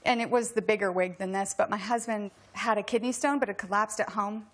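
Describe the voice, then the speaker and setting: A woman's voice: mid-range voice, fairly quick. A woman appearing as an actor guest on a talk show, telling stories with lots of laughter. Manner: giggly, animated storyteller.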